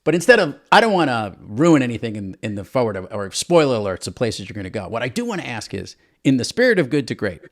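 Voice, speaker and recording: A man hosting a podcast interview, upbeat and jokey, firing off quick questions. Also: medium pitch, sing-song. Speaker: podcast host. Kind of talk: casual interview.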